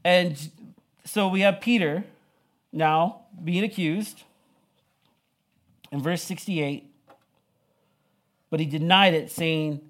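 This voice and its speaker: A man's voice: on the high side, takes it slowly, pauses often, a bit bright. A young man preaching a sermon, retelling the story in a casual, conversational way full of "like" and "you know". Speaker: pastor.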